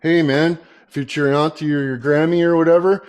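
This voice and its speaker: A high-pitched older man with a twang rants crudely to his viewers, joking and swearing. His tone flips between mock outrage and laughter. The delivery is rambling and loose. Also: steady tone, a little fast, darkish tone. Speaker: vlogger. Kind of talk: rambling comedic rant to camera.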